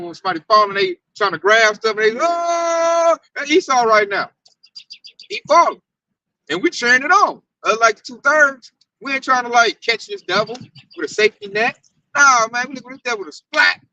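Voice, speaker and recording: A man with a Southern US accent preaches scripture in loud, hyped-up street slang. His voice sits very high and sounds sharp and bright. He is a bit far from the mic in a dry space. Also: vocal fry, no room sound, dull audio. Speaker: Hebrew Israelite teacher. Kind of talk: animated scripture teaching.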